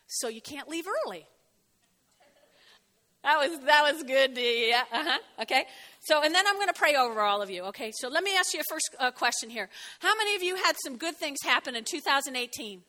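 A woman pastor preaching a lively sermon, chatty and animated, joking and laughing with her congregation. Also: high voice, fast. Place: church hall. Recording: long hall reverb. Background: congregation shouting out.

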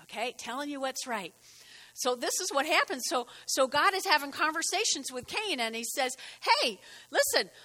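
A woman preacher giving a folksy, animated sermon, often repeating her phrases. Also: high voice, moderate pace, big-room sound.

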